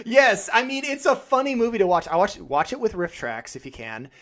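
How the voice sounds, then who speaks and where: A man co-hosting a podcast, chatting casually, animated and quick to swear as he acts out reactions. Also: high voice. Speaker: podcast co-host. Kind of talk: casual chat.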